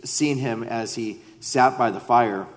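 A man's voice: mid-range voice, slow. A man preaching a sermon and reading scripture, earnest, acting out quoted lines with rising emphasis. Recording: long reverb of a large hall.

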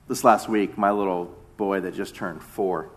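A man's voice: sits low, fairly even intonation, measured pace. A man in his thirties, a pastor giving a conversational sermon that often repeats its phrases.

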